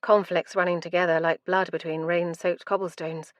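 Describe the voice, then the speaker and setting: Low-voiced woman narrating a dark fantasy audiobook. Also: flat delivery, normal speed, dry recording, highs cut off. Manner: dramatic, intense storytelling.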